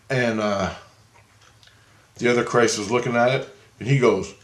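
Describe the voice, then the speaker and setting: A man's voice: fairly low pitch, expressive, moderate pace, roomy sound. A man rambling through a personal story in a casual monologue, restarting and repeating himself. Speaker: vlogger.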